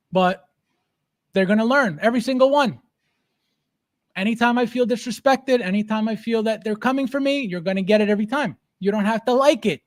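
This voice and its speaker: A male livestream host with a high-pitched voice talks back to his viewers' comments. He repeats himself and sounds defiant. The recording is dry and close, with no room sound. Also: dry recording. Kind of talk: casual livestream chat reading comments.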